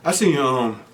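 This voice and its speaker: A young man talks casually to his viewers between bites, and his pitch leaps and falls as he tells stories. He keeps slipping into quick impressions of the people he quotes. A faint hiss of room noise sits under his close-miked voice. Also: gravelly. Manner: animated storytelling, mimics voices of people he quotes. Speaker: mukbang host. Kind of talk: casual chat while eating.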